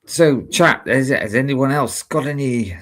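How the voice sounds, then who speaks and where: Co-hosting a livestream, a man from Britain rambles through casual chat, hesitating and leaning on many fillers. He speaks at a medium pitch and measured pace, against a noisy background.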